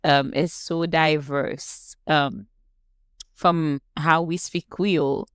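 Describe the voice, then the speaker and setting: Slow, smooth-voiced woman guest. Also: low-pitched, fairly even intonation, no echo, clean studio sound. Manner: measured and thoughtful, with frequent restarts. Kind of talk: casual conversational interview.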